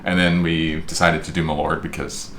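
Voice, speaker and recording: A man co-hosting a casual vlog conversation, relaxed and hesitant, often saying "um" and "you know". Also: very deep voice, moderate pace, roomy sound, slight background noise. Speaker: co-host and tour guide.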